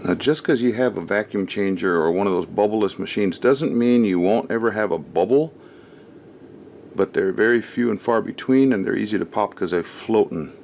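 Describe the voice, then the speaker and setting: With a fairly low, darkish voice at a normal speed, a craft channel host rambles conversationally through a casual how-to, using many ums and uhs as he works. Moving about changes how far he is from the camera mic, and slight background noise is audible.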